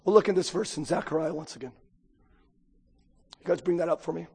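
High-voiced husky man preaching. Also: a little fast, mellow. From United States. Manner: conversational, joking, keeps asking the crowd "right?". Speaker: pastor. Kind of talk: sermon. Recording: long hall reverb.

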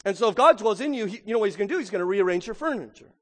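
High-voiced preacher in a reverberant hall. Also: male voice, expressive, rapid-fire. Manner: emphatic, conversational preaching. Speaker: pastor. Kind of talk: sermon.

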